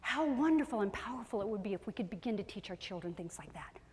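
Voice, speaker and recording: A woman giving a lively parenting seminar talk to an audience, often acting out voices of parents and children. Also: mid-range voice, quick pace, slight background noise. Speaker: parenting speaker. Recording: echoey hall with long reverb.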